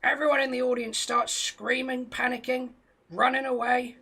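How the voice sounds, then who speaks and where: A man's voice: very high voice, flat delivery, normal speed, sharp tone, husky. A British man telling a rambling, profane comic tall tale with a straight face on a live stream. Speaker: comedian telling a story.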